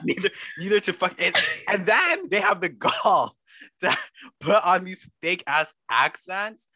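A man's voice: high voice, very animated, slow pace, sharp tone, no echo. A young man from Canada co-hosting a podcast, ranting in a sassy, profane way and breaking into laughter. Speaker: podcast co-host. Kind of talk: casual chat. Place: studio.

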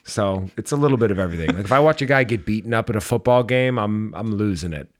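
A man co-hosting a podcast in casual chat, with a deadpan, darkly humorous manner. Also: on the low side, fast. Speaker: podcast co-host.

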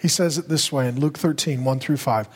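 A man's voice: mid-range voice, a little fast, breathy edge. Urgent preacher man in a reverberant hall. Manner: urgent, emphatic, building to loud peaks. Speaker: pastor. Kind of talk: sermon. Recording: long reverb of a large hall.

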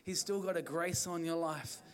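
At an evening church service, a pastor with a slightly high voice preaches at a moderate pace. He urges his listeners on in fervent, repetitive phrases, sometimes restarting.

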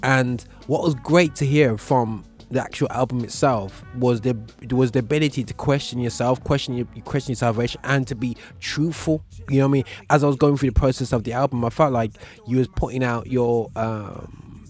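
A man's voice: mid-range voice, fairly even intonation, fairly quick, few pauses, a little mellow. Brummie guy hosting a chat, slangy and rambly, laughs a lot, bit of music under it. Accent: Birmingham English. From Birmingham, England. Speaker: show host. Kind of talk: casual interview chat.

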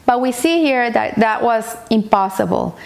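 A woman with a high, light voice explains a Torah portion as a story. She retells it earnestly, often restarting her sentences and mixing in Hebrew terms. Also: lively intonation, moderate pace, gravelly, a little mellow. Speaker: Torah teacher.

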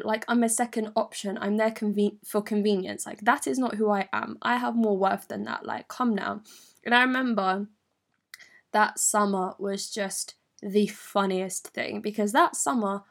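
A young woman from London with a London accent, telling a personal story in a candid, animated, sweary way full of slang. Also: mid-range voice, unhurried. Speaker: vlogger. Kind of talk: storytime monologue.

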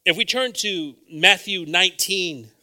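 An earnest male preacher delivers a sermon, leaning on repeated phrases for emphasis. His voice sits a little high and sounds very bright and forceful. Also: measured pace.

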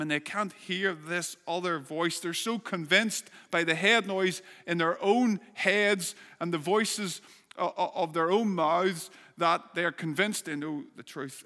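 A man's voice: on the high side, bright, forceful tone. A man preaching a sermon as a pastor, earnest, building emphasis and asking rhetorical questions. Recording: long reverb of a hall.

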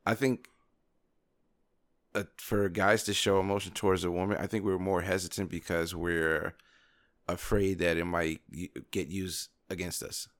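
Deep-voiced man speaking earnestly. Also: flat delivery, moderate pace, fairly bright tone, no room sound, clean studio sound. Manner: earnest, hesitant, restarts often. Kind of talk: casual chat.

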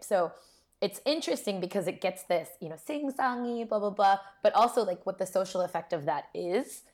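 Low-pitched woman explaining her research. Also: darkish tone. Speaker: linguist guest. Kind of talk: casual academic discussion.

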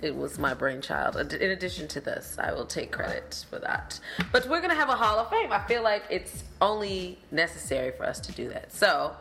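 A woman's voice: fairly low pitch, very animated, brisk, vocal fry, pushed and bright. A woman hosting a podcast in casual chat, bubbly and playful, laughing often. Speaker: podcast host.

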